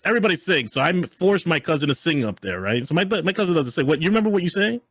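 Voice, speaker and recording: A man's voice: fairly high pitch, big pitch swings, fast, a bit bright. A middle-aged man co-hosting a podcast, telling stories in a loose, profane way, full of "right?" and "yo". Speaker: podcast co-host. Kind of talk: casual storytelling chat.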